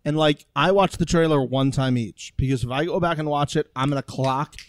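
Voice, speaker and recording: A man hosting a casual chat show, joking loudly and swearing freely. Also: a little high, brisk. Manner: loud, jokey, swears freely. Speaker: podcast host.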